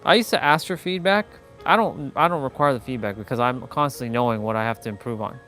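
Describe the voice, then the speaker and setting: A man's voice: medium pitch, fast talker, bright, forceful tone, soft background music. A man hosting a motivational livestream, talking in a blunt, rambling way with many restarts and fillers. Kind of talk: casual live-stream monologue.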